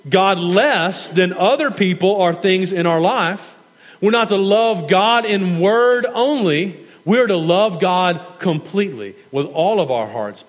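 A man preaching a sermon earnestly, repeating key phrases for emphasis and slowing down to stretch important words. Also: high voice. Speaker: pastor. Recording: long hall reverb.

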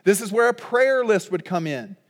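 High-voiced pastor preaching with loud peaks. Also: male voice, very animated, normal speed, in a large hall. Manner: conversational, humorous, with sudden loud emphatic peaks. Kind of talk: sermon.

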